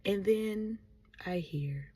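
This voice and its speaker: A woman telling a casual story-time vlog in a chatty, animated, sarcastic way, full of fillers. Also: mid-range voice, slow, breathy edge, dry recording, distant mic. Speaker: vlogger. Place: car on the road.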